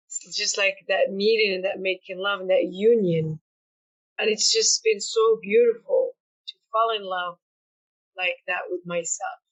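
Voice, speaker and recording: A woman speaking as an interview guest, sharing personal reflections in an earnest, soft-spoken way with frequent fillers and repeated words. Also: mid-range voice, poor audio.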